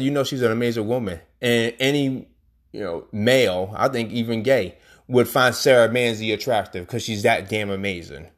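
A man's voice: mid-range voice, normal speed. A man hosting a podcast, talking in a casual, rambling, emphatic monologue. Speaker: podcast host.

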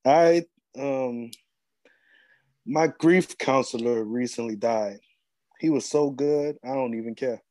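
A man's voice: mid-range voice, slow, mellow, dry recording. A man on a comedy podcast, teasing and competitive while telling jokes in a game. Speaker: podcast co-host. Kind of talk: joking banter.

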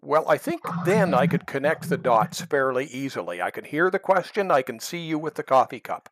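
A man's voice: on the high side, sing-song, normal speed, dry recording. A man hosting a podcast interview, asking a guest plain questions. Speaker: podcast host.

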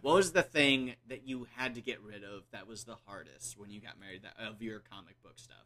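A man's voice: on the low side, fairly quick. A man hosting a casual podcast from a couch at home, talking in a projecting, classic radio-style voice and joking around, often laughing. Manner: jokey, animated, laughs often. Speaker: podcast host.

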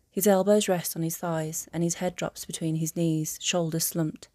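A woman narrating a fan audiobook in a calm, even storytelling manner. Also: on the low side, moderate pace, few pauses, no room sound, clean studio sound.

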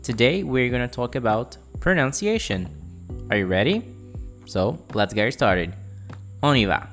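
A man teaching a French pronunciation lesson on a podcast, speaking clearly and repeating words for listeners to copy. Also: medium pitch, lively intonation, unhurried, a bit bright, faint music behind.

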